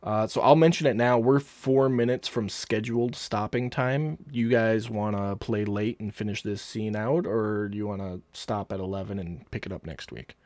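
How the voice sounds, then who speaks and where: A man's voice: lowish voice, moderate pace, few pauses, a little mellow, no echo. A man acting as game master, patiently explaining rules and describing the scene step by step. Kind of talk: running a tabletop game online.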